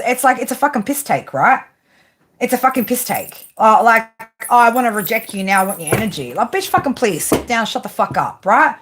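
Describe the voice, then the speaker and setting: A woman's voice: fairly high pitch, a little hiss or hum. A woman giving a live tarot reading to viewers, blunt and swearing constantly, tagging her lines with "right?". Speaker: tarot reader.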